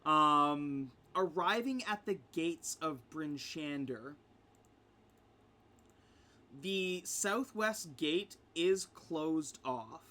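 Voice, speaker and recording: A man's voice: on the high side, animated, very slow, bright, forceful tone. A man narrating as game master for a tabletop game, with frequent ums and easy laughter. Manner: laughs often, many ums.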